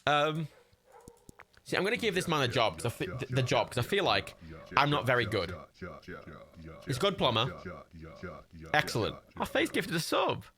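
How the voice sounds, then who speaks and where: Lively, chatty male game streamer. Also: a little high, brisk. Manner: chatty and self-mocking, swears freely. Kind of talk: casual livestream gaming commentary.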